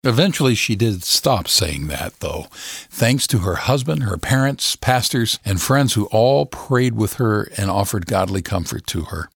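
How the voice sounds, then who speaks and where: A man reading scripted narration for a broadcast story in a measured way. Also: lowish voice, animated, gravelly, husky, no room sound, studio quality.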